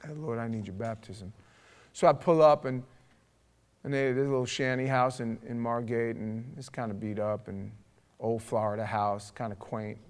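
A pastor, telling a story in a sermon, acting out the people in it and building to a forceful charge. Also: male voice, mid-range voice, steady tone, moderate pace, clean tone. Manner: conversational, acts out dialogue, rising to forceful exhortation.

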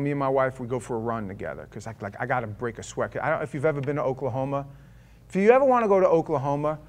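This middle-aged man, a preacher, has a medium-pitched voice. He recounts a personal experience to an audience in lively, self-mocking fashion, acting out his thoughts and shifting between booming outbursts and soft admissions.

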